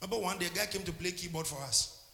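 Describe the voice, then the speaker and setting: A man's voice: sits high, very fast, creaky, pushed and bright, roomy sound, in a large hall. A man preaching a sermon as a pastor, impassioned and calling out to his congregation.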